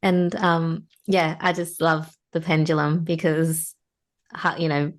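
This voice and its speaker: A woman hosting a podcast who chats casually and warmly affirms her guest. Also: low voice, flat delivery, slow. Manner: soft, affirming interviewer with short replies and laughs. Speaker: podcast host. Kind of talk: casual interview chat.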